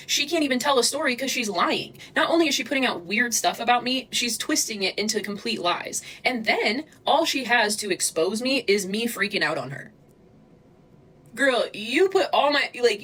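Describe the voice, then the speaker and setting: A woman's voice: mid-range voice, a bit bright, poor audio. A woman streaming live from her phone, ranting angrily and swearing as she confronts people in her chat. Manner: angry, profane, confrontational. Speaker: livestreamer. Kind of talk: livestream rant.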